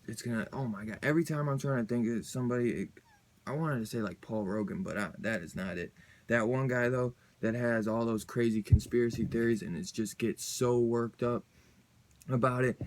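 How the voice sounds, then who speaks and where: A man chatting casually about a comic book, excited and rambling in a loose, slangy way. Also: mid-range voice, moderate pace. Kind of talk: casual review chat.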